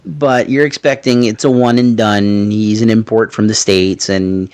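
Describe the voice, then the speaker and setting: A man hosting a podcast in casual chat, telling stories in an animated way and swearing freely. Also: on the low side, measured pace, smooth. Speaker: podcast host.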